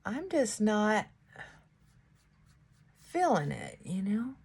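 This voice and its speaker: Chatty, slow-talking, husky-voiced woman vlogger. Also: medium pitch, big pitch swings, a little mellow. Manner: chatty, rambling, talks to viewers while doing makeup. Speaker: beauty vlogger. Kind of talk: casual get-ready-with-me chat.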